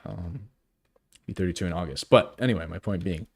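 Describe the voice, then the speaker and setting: A man in his thirties thinking aloud while drawing on a live stream, halting and unsure, trailing off often, with dry self-mocking humor. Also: deep voice, creaky, husky. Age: 30s. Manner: wry self-deprecating humor.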